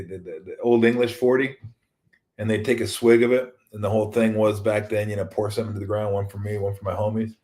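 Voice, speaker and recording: A man's voice: fairly low pitch, darkish tone. Rambling, joking man hosting sports talk. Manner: rambling, jokey, acts out quoted voices. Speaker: sports talk show host. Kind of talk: casual solo sports talk.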